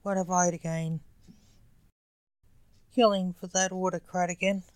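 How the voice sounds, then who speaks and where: A woman's voice: fairly low pitch, little pitch movement, unhurried, no echo, close to an everyday voice. Woman reading as a cold male Enchanter. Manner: cold, clipped. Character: male Enchanter, cold former assassin son.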